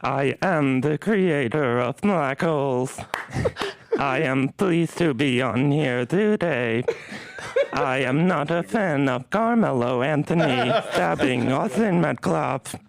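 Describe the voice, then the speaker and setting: A man doing an impression of a famous physicist's speech-synthesizer voice, spoken slowly in a flat, clipped, robotic way. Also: fairly high pitch, vocal fry, heavily acted. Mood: deadpan. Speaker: podcast guest.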